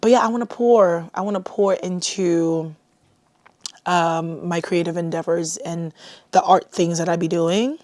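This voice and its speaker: Chatty young woman podcaster, mellow dry voice. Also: lowish voice, fairly even intonation, a little slow, dry recording. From Haiti. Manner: chatty and self-deprecating, with lots of "like". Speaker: podcast host. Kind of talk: casual solo podcast chat.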